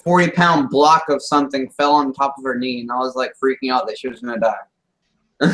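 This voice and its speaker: A man's voice: mid-range voice, steady tone, moderate pace, a bit bright, low-quality recording. A man co-hosting a casual TV recap chat, jokey and teasing, laughing often. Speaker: podcast co-host.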